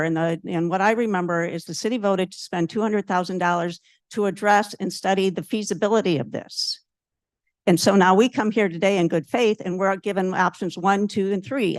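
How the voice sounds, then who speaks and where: A woman gives a heated public comment at a city board meeting, blunt and insistent as she drives each point home again. Her voice sits at an ordinary middle pitch and sounds dry and close, with little room sound at the podium microphone. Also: no echo.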